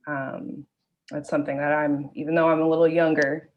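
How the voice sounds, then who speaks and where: A woman making a practice referral pitch, earnest and hesitant with many ums. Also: flat delivery, moderate pace, lo-fi sound, slight background noise. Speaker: networking group member. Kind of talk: practice referral call role-play.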